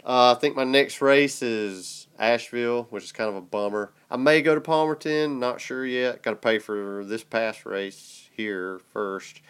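A man with a Southern US accent hosts a podcast in relaxed, chatty fashion. His voice is smooth and clear even with a stuffy, congested nose. He drawls along easily, often chuckling. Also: medium pitch, a little slow, hardly any pauses. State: congested from a sinus infection. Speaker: podcast host. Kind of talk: casual chat.

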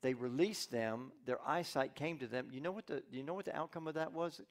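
A male pastor preaching a sermon, telling a Bible story with lively acted-out character lines and frequent restarts. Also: mid-range voice, brisk. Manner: restarts and repeats words often.

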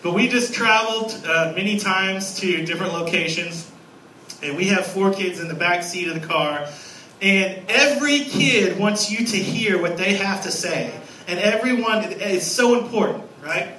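A man in his thirties preaching a sermon as a guest pastor, lively and storytelling, acting out little scenes. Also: high voice, moderate pace, reverberant, distant mic, slight background noise, poor audio. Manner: animated, acts out scenes with a raised voice. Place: church sanctuary.

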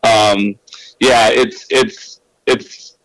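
A man's voice: lowish voice, steady tone, drawn-out words, a bit bright, dry recording, low-quality recording. A male comedian guest telling loose, casual anecdotes, swearing freely and laughing between lines.

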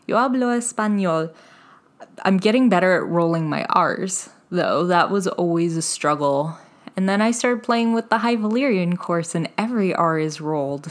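A woman with a fairly low voice hosts a relaxed solo podcast. She chats freely, pokes fun at herself and laughs often. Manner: chatty, self-deprecating, laughs often. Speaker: podcast host. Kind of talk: casual solo chat.

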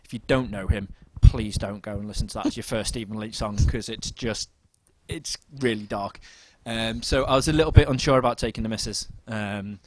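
A man's voice: on the low side, brisk, few pauses, slight background noise. A young man co-hosting a podcast, chatting casually and rambling with lots of ums and self-mocking asides. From United Kingdom. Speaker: podcast co-host. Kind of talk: casual chat.

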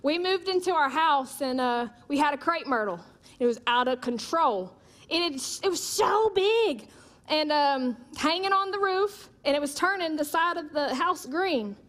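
A woman delivers a sermon in a high, bright voice. She makes emphatic repeated declarations and mixes in humorous stories. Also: expressive, normal speed. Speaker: preacher.

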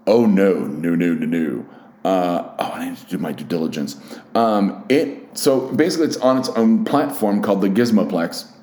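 A man's voice: sits low, normal speed, warm tone. A young man hosting a casual solo podcast, rambling and self-deprecating with plenty of swearing. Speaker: podcast host. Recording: roomy echo.

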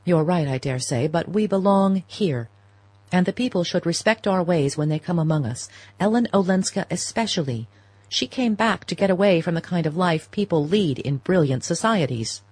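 A woman's voice: on the low side, lively intonation, normal speed, breathy edge, dry recording, voice pushed up, rough recording. Woman voicing a fretful genteel old mother. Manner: mild, coaxing, quietly insistent. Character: proper older society mother, fretful and gentle. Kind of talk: audiobook character reading.

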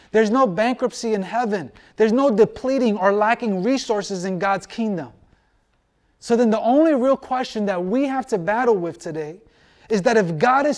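A male pastor preaching a sermon, asking many rhetorical questions and slowing down to drive points home. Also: very high-pitched, darkish tone.

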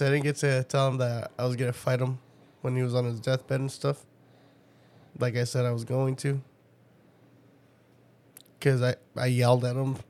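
Young man, casual chat, profane storyteller, mid-pitched voice. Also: a little mellow.

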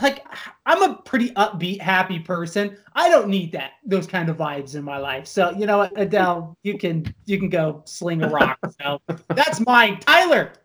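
A man co-hosting a podcast in casual chat, animated and peppering his talk with "like". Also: high voice. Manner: animated, many filler "like"s, quick laughs. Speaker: podcast co-host.

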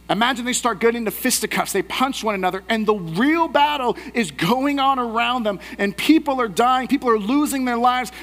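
A man delivers a sermon with a voice sitting a little high for a man. He tells a story that invites the listeners to imagine themselves inside it. A long reverb from a large hall trails his words. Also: fairly bright tone. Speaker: pastor.

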